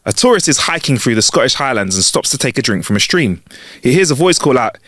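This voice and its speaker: A man's voice: quick pace, no echo. Playful guy, voice jumping all over the place, teasing his mate, dry room. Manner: playful, teasing, very animated pitch. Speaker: podcast co-host. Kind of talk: casual chat.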